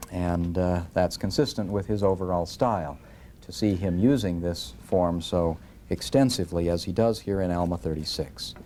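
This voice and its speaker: A man's voice: on the low side, mellow, a little hiss or hum. A man giving an earnest scripture lecture, reading verses aloud and telling listeners what to underline. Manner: earnest, instructive, reads verses with rising emphasis.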